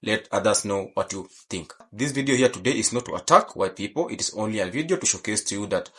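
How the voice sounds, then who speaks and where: A male host delivering scripted commentary to his viewers, his voice a little husky and full of rising and falling pitch. He speaks formally, politely pleading again and again. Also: lively intonation, fast talker, a bit bright. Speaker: channel host.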